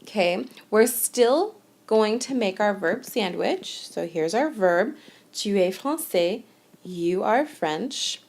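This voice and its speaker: A woman's voice: medium pitch, expressive, slow pace, creaky, a little mellow. Patient woman teaching a screencast lesson. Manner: patient, step-by-step explaining. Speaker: French teacher.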